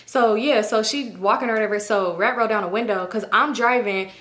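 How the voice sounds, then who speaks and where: A young adult woman telling a casual storytime, animated, swearing freely and acting out what people said. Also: mid-range voice, brisk. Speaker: YouTube storyteller.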